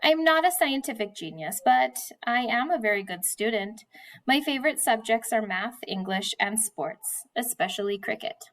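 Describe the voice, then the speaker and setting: Teacher reading a chapter aloud. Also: female voice, a little high, animated, moderate pace. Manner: explains step by step, then reads a novel aloud. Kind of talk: classroom lesson and read-aloud.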